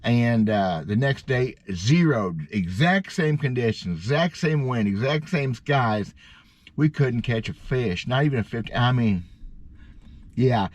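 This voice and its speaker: This Missouri bass fishing vlogger is a folksy middle-aged man telling a loose, rambling story at medium pitch with lively intonation. He pokes fun at himself and stretches out words for emphasis. There's no room sound, though the audio is dull and lo-fi.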